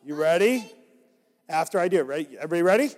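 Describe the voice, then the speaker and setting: A man whose voice is on the high side reads quickly through an interactive Bible story, ministering to children. He is animated and keeps coaxing them to join in. The hall adds a long reverb.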